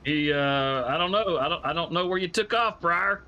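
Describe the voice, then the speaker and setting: A man, hosting a live stream and chatting casually in halting, rambling sentences. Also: fairly high pitch, sharp tone, lo-fi sound, slight background noise. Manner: rambling, halting, with many restarts. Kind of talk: casual chat.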